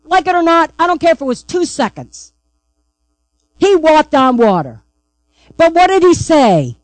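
A woman's voice: sits high, very animated, unhurried, long pauses, no echo, poor audio. A woman pastor preaching a sermon, emphatic and repeatedly asking the congregation "right?".

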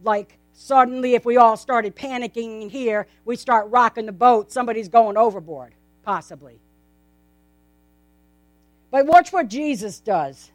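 Speaking at a measured pace in a fairly high voice, a woman preaches a sermon to a gathered congregation, keeping it casual and conversational and often posing rhetorical questions. The recording has no echo.

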